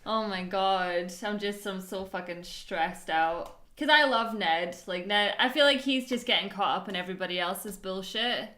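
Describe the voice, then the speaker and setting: Excitable, bright-voiced young woman reacting. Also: medium pitch, moderate pace, few pauses. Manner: excitable, swearing, shouting at the screen. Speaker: reaction video host. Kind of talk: casual reaction chat.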